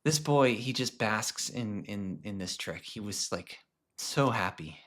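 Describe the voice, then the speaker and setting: A man's voice: lowish voice, lively intonation, measured pace. Man telling a teaching story. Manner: conversational, many restarts, drops to a hush at times. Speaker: presenter. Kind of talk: storytelling lesson.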